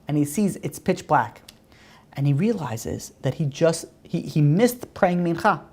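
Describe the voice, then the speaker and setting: Woman, fairly low voice, religious class teacher, conversational storytelling, rises on emphatic questions.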